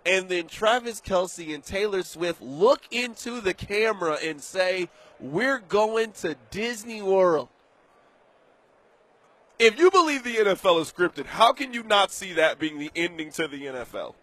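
A man hosting a sports radio show, delivering an animated, emphatic, joking monologue from a studio. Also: high-pitched, moderate pace, few pauses, no room sound.

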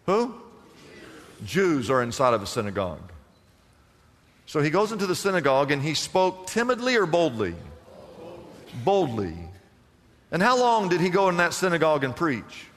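A man preaching in a bright, forceful voice that sits high and swings widely in pitch. He keeps throwing questions to the congregation for them to answer, and the sound rings with a long reverb from the church. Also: very animated, moderate pace, pauses often. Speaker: pastor. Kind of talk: sermon. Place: church sanctuary. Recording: long reverb from a large room.

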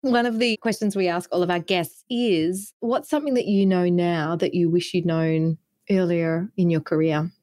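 A woman's voice: lowish voice, steady tone, moderate pace, dark tone, dry recording, clean studio sound. A woman co-hosting a podcast interview and putting questions to the guest. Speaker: podcast co-host. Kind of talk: casual interview chat.

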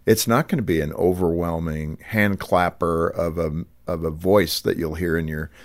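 A radio host with a very low, deep voice asks his questions earnestly. He thinks aloud, with small restarts as he works toward his point. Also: steady tone, normal speed. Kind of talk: conversational interview.

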